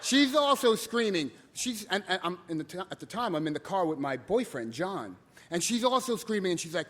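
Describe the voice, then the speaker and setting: A man telling a personal story live on stage, animated and comic. His voice sits notably high for a man. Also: brisk.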